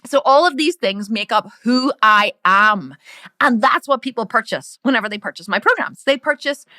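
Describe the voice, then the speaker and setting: A middle-aged woman with an Irish accent giving a loud, brash business training talk, swearing freely. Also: a little high, animated, normal speed, no echo, studio quality. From Ireland. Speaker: business coach.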